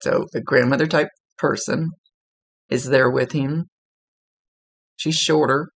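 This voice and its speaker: A man with a gravelly, creaky edge to his voice talks through a psychic reading in an easygoing, chatty way. He stops to rephrase himself and laughs readily. His pitch sits in an ordinary middle range. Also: fairly even intonation, takes it slowly, a bit bright. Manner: chatty, self-correcting, laughs easily. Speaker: psychic medium. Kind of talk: relaxed spoken reading, conversational.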